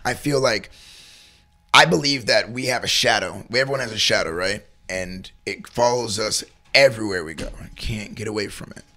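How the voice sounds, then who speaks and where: A man's voice: on the low side, moderate pace, bright, forceful tone. A man co-hosting a casual chat, talking earnestly and rambling about faith and feeling good. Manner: earnest, rambling, acts out little voices in stories. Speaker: co-host.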